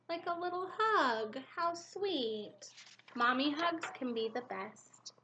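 A woman preschool teacher reading a picture book aloud at children's story time, in an animated, exclamatory way with gasps. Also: high-pitched, highs cut off, a little hiss or hum.

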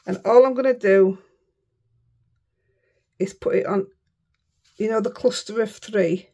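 Chatty Yorkshire craft vlogger, woman, husky and a little gravelly, mutters asides. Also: medium pitch, measured pace, long pauses, dark tone. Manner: chatty, self-mocking, often mutters under her breath. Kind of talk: casual chat while crafting.

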